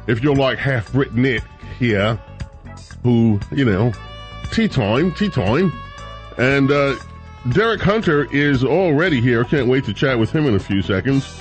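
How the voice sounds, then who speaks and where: A male radio host leads a casual weekend talk show in a chatty, joking style. He tends to stumble and restart his sentences while light music plays faintly behind him. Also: medium pitch.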